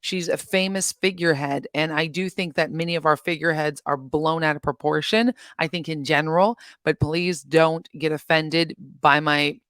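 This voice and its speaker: A woman's voice: sits low, steady tone, normal speed, hardly any pauses, fairly bright tone, no room sound. Chatty woman with a dry close sound. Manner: chatty, rambling, laughs often. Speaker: channel host reacting to news. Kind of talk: casual reaction vlog.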